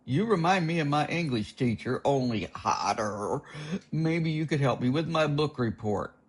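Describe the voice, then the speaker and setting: A man voicing a hungover, dim, eager young man in his early twenties in an audiobook, pitching his voice up into a whiny, boyish tone. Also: expressive, moderate pace, slightly rough. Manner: whiny, boyish, high and loud.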